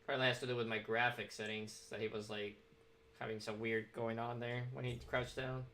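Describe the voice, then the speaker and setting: A man's voice: mid-range voice, level tone, brisk, pushed and bright, a little hiss or hum. A man streaming a game, casually thinking aloud as he picks character options. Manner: musing, thinks aloud while choosing options. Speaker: gaming streamer. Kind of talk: casual gameplay commentary.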